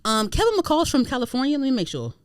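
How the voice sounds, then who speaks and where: A woman hosting a podcast in casual chat, animated and slangy, swearing freely. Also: sits high, fast, clean tone, dry recording, studio quality. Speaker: podcast host.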